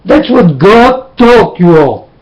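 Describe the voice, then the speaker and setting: A man's voice: high voice, big pitch swings, slow, poor audio. A man preaching intense, repetitive warnings into a webcam. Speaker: self-styled preacher. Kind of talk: webcam sermon.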